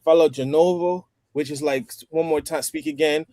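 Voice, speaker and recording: Male host, higher-pitched, chatty explainer, dry close sound. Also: fairly even intonation, normal speed, warm tone, no room sound. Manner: chatty, explains phrases step by step. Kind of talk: casual roundtable chat.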